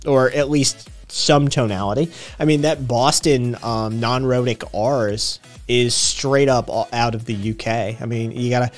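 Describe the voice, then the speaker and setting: A man's voice: mid-range voice, steady tone, a little slow, hardly any pauses, soft background music. A man with a slight Tennessee accent, rambling casually on a live stream, swearing freely and laughing often. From Vermont and Tennessee.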